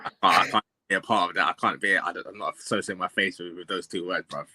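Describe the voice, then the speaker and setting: A man's voice: deep voice, steady tone, fast talker, pushed and bright, a little hiss or hum. A young man, a guest in a casual football chat, talking emphatically and calling people bro. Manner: emphatic, keeps saying bro. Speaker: guest pundit.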